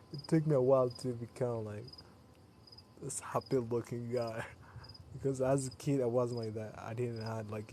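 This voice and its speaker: A man's voice: mid-range voice, darkish tone, slight background noise. Tired young man streaming outdoors at night. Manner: tired, loose, laughs often, chatty with viewers. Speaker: live streamer. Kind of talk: casual late-night live stream chat.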